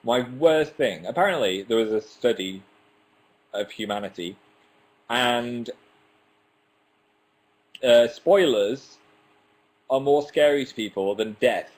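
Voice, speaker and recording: This young man hosts a casual livestream on a webcam microphone, reading out viewer comments and chatting. His medium-pitched voice takes things slowly with long pauses, and he's self-deprecating, stumbling over words now and then.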